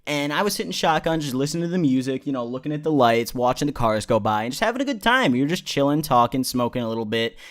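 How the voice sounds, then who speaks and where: A man's voice: medium pitch, animated, fast talker, few pauses. A young man vlogging a casual, rambling, profane story with lots of energy.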